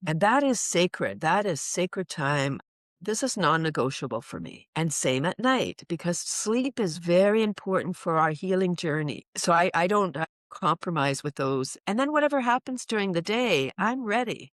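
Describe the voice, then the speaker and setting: A woman's voice: on the low side, moderate pace, hardly any pauses, no echo. A woman who teaches laughter yoga, talking in a casual interview and acting out little voices and laugh sounds as she goes. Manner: animated, acts out voices and laughs.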